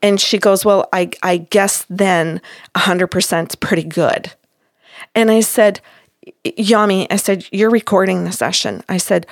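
In a clean studio recording with no echo, a sixty-something female counselor with a fairly low voice and vocal fry describes a session, firmly and emphatically voicing both people in the exchange.

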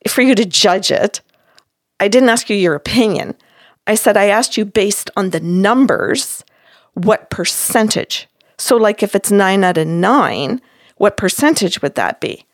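A woman's voice: mid-range voice, animated, slow pace, no echo, clean studio sound. A woman in her sixties, a counselor, recounting a session by acting out both sides of the conversation firmly and emphatically. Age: 60s. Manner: acts out both sides of a dialogue, firm and emphatic.

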